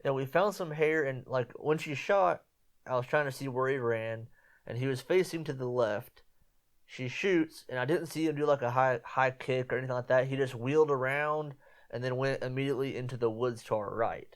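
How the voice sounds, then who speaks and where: A man's voice: medium pitch, normal speed. A man hosting a podcast, telling a hunting story in a rambling, casual way and repeating himself. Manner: rambling, repeats himself, quotes others in lively voices. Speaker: podcast host.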